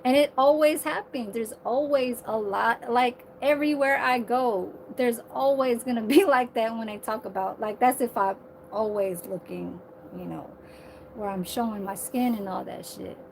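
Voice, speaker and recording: Woman vlogger, high voice, animated swearing rant, phone camera, faint background hiss. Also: moderate pace, gravelly. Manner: animated, heavy profanity, lots of filler.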